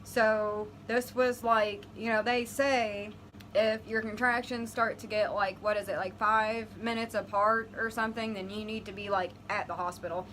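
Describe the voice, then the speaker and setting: A woman's voice: mid-range voice, fairly even intonation, normal speed, a bit bright, a little hiss or hum, low-quality recording. A young woman vlogging, animatedly retelling a personal story and acting out her own reactions. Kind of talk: storytelling vlog.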